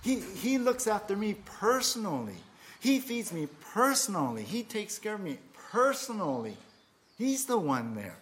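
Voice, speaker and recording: A man's voice: high-pitched, very animated, normal speed, fairly bright tone. Conversational male pastor preaching. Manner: conversational, with playful asides and fillers. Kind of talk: sermon.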